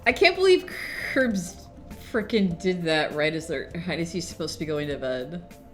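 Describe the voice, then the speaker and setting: A woman streamer chatting casually to her viewers, excitable, swinging between mumbles and squeals of laughter. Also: lowish voice, normal speed, soft background music. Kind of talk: casual livestream chat.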